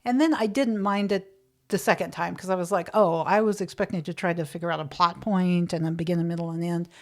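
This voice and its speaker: A woman's voice: on the low side, fairly even intonation, brisk. A woman in her late thirties, a comedian co-hosting a podcast, chatting casually and rambling off mid-thought. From Florida.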